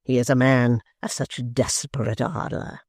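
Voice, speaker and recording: A reader voicing a sly, smooth-talking male secretary who speaks coldly and slowly, sometimes close to a whisper. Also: medium pitch, steady tone, dry recording, close to an everyday voice. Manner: silky, slow and cold, sometimes near a whisper. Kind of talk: audiobook character voice.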